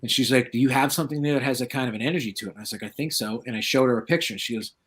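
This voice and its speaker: A middle-aged man from the northeastern United States tells his stories in a relaxed, anecdotal way. His voice sits at a moderate pitch. He becomes lively when he acts out the voices of people he quotes. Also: rapid-fire, husky. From southeastern Massachusetts, USA. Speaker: guest paranormal researcher. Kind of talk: casual anecdotal storytelling.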